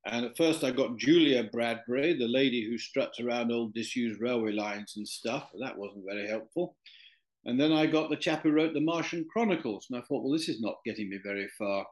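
Talking a little fast in a mid-range voice, a male interview guest spins a long, rambling conversational story. He leans on many fillers and keeps restarting.

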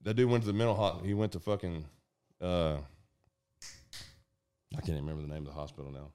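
This is a man with a deep, low voice and a drawl, recounting a story to a group of friends. He talks loosely and profanely, and throws himself into the retelling by acting out the shouts and quoted lines. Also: quick pace, clear, resonant tone. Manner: profane, animated, acts out voices. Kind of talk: casual storytelling.

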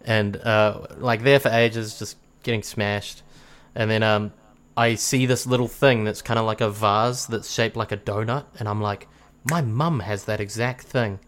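A man's voice: on the low side, flat delivery, a little slow, a bit bright, clean tone. A man with a New Zealand accent chatting casually as a podcast guest, rambling through stories, laughing often and swearing casually.

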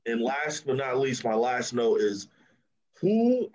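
A man co-hosting a TV review podcast, talking casually in an animated, mocking way and laughing often. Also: mid-range voice, slow pace, dull audio. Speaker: podcast co-host reviewing a TV episode.

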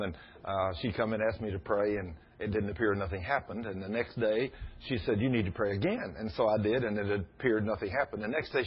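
A middle-aged man, preaching a storytelling sermon in a folksy, animated way. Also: lowish voice, breathy edge. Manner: folksy, animated, laughs at his own stories. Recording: dull lo-fi recording.

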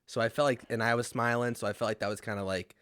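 A man's voice: medium pitch, steady tone, fast, a bit bright, no room sound, clean studio sound. A young man co-hosting a podcast, telling a story in a casual, swearing, laugh-filled way. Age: young adult. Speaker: podcast co-host. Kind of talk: casual chat.

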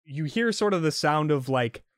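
A man's voice: fairly high pitch, animated, normal speed, no echo, clean studio sound. A man narrating as game master for a tabletop game, rambling with many fillers and restarts.

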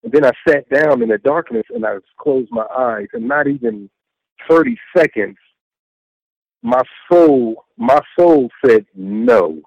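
Speaking unhurriedly in a gravelly, medium-pitched voice with big pitch swings, a middle-aged interview guest tells of his faith. He's earnest and repetitive, acting out his own past words. The recording has no echo and the highs are cut off.

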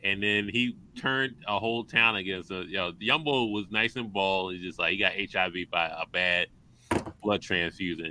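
A man with a bright, ringing voice chats casually with friends on a podcast. He jumps into lively anecdotes and acts out other people's lines along the way. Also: on the low side, measured pace, poor audio. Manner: animated storytelling, often acting out quotes. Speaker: podcast co-host. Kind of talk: casual roundtable chat.

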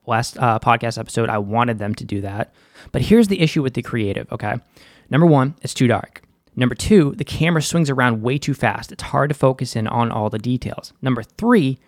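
A man's voice: mid-range voice, no room sound, studio quality. A young man with a Boston accent hosting a casual, slangy and opinionated episode recap. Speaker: show recap host.

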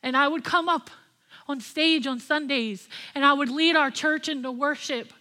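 A woman's voice: high-pitched, normal speed, bright, forceful tone. A young woman pastor and worship leader giving an impassioned, candid sermon with personal testimony.

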